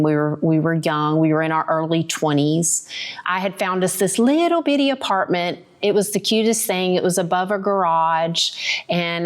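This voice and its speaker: Speaking with a voice on the low side, a woman who hosts a podcast candidly reflects on her faith story. Every so often she checks in with listeners by asking "right?".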